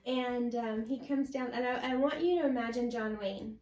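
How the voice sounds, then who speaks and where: A woman guest sharing a personal faith testimony in an interview, telling her story slowly and from the heart. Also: a little high, a little mellow, roomy sound, rough recording. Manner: slow, heartfelt storytelling with many pauses.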